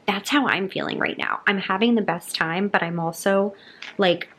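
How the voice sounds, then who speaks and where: A woman's voice: mid-range voice, normal speed. Gushing young woman retelling a book. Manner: gushing, animated, acts out characters' lines. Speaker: book vlogger. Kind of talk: excited casual chat, retelling a book.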